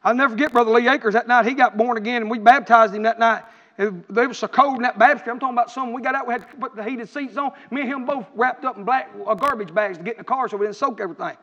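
A middle-aged man, preaching with fervor and swinging between shouts and quiet, earnest talk. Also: racing, in a large hall, dull audio. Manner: impassioned, rising to shouts then dropping low. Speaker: pastor. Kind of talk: preaching sermon.

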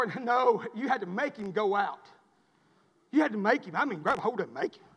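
Man, preacher, high voice, storytelling sermon, shouts, echoey church hall.

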